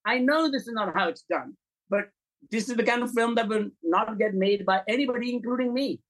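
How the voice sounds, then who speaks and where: A man, a film and commercial director, telling anecdotes in an interview, animated and blunt, acting out dialogue and swearing now and then. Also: sits high, fairly quick, rough recording. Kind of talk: interview storytelling.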